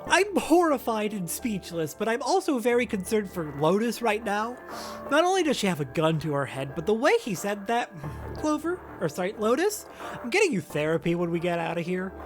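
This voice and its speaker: Animated let's play host reading a game aloud. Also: mid-range voice, moderate pace, over music. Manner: animated, reactive commentary. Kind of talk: reading a visual novel aloud with commentary.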